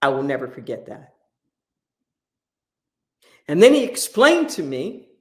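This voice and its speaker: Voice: medium pitch, very animated, a little slow, long pauses, a little mellow. A pastor telling a story in a sermon, impassioned and repeating key phrases for emphasis.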